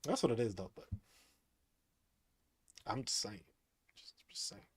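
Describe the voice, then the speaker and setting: A man's voice: mid-range voice, very animated, unhurried, breathy edge. A man talking casually as a streamer, rambling, repeating himself and laughing often. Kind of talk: casual monologue.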